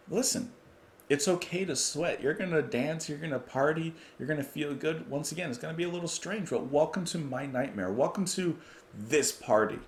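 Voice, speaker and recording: A man hosting a music reaction video, talking casually and with excitement, and laughing often. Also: mid-range voice.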